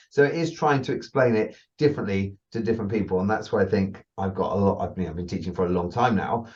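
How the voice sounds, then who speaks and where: Brief: low-voiced male agility trainer, chatty and profane, recorded dull and slightly off-mic. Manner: swearing, laughing, animated storytelling. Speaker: dog agility trainer, podcast co-host. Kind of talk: casual podcast chat.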